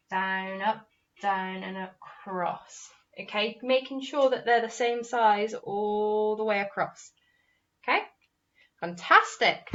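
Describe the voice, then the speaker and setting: A woman's voice: mid-range voice, a bit bright, highs cut off. A woman teaching a recorded primary school lesson to young children, patient and explaining step by step, checking in with frequent "okay?". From England.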